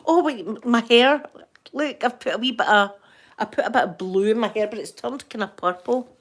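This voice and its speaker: A woman's voice: a little high, a little fast, a bit bright. Chatty Scottish woman, middle-aged. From Scotland. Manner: chatty, rambling, laughs often. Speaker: ASMR channel host. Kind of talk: casual chat to viewers.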